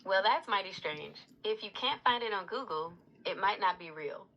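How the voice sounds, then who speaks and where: A woman's voice: mid-range voice, animated, normal speed, bright, forceful tone, muffled recording. A female AI assistant voice answering politely and earnestly, sometimes borrowing a folksy drawl. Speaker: AI chat assistant. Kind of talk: AI voice answering on a livestream.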